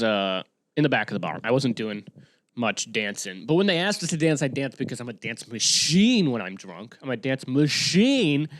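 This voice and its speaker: A young man tells a story on his own podcast in a loose, rambling way. He gets excitable and sometimes breaks into yelling, and his voice bounces all over the place. The sound is dry and close, with no room echo. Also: mid-range voice. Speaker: podcast host. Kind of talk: casual solo podcast monologue.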